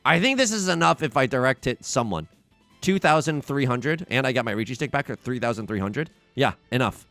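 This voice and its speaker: A young man commentating his own game as he plays, anxious and pleading, often begging out loud and exclaiming. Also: medium pitch, lively intonation, a little fast, no echo, soft background music. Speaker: let's play host. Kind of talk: live gameplay commentary.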